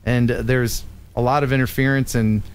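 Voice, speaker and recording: A man's voice: mid-range voice, flat delivery, moderate pace, clear, resonant tone. A man hosting a casual live stream, chatting with a co-host and viewers and making playful jokes.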